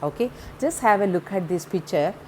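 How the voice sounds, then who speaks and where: A woman's voice: on the low side, animated, fairly quick, warm tone, slight background noise. A woman lecturer telling a moral story in a loose, conversational way. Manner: conversational, with many "you know" fillers. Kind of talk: storytelling lesson.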